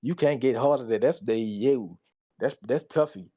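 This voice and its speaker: A man's voice: mid-range voice, normal speed, warm tone, husky. Man, tired, casual slide presentation, slangy, talks back to what he reads, muffled lo-fi audio.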